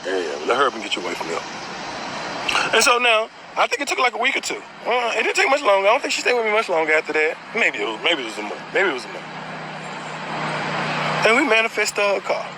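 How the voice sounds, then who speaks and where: Animated, swearing man telling his story. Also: high-pitched, fast talker, background noise. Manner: animated, blunt, swears freely. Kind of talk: casual storytelling.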